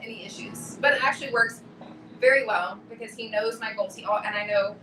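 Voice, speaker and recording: A woman chats candidly on a podcast, laughing easily. Her voice sits back from the mic in an echoey room. A steady hiss of noise runs underneath. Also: fairly high pitch, a little fast. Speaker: guest weightlifter. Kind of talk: casual podcast chat. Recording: roomy, distant mic with noticeable noise.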